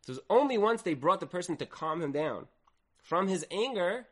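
A man giving an animated Torah lesson, telling the story dramatically and acting out quoted speech with swings in loudness. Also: high voice, fairly quick. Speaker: Torah teacher.

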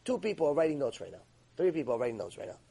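Husky, high-voiced man giving an emphatic lecture. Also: big pitch swings, racing, dark tone, rough recording. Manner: emphatic, scolding, acts out quoted voices. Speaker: Torah teacher. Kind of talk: religious ethics lecture.

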